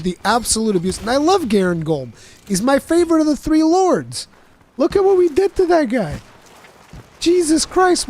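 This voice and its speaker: A man's voice: very high-pitched, a little mellow. A man giving casual, joking commentary as a game streamer, exclaiming often. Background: game music.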